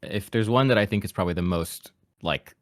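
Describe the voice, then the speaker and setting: A man with a very low voice, talking casually as a podcast guest about his voice acting work. He chats in a relaxed way and laughs often. The sound is dry and close, with no room echo. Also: a little fast.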